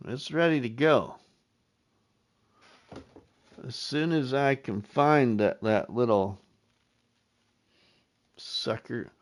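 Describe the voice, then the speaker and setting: A middle-aged man hosting a live game stream, chatting casually with viewers in an easygoing way while he thinks out loud. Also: medium pitch, takes it slowly. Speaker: live-stream gaming host.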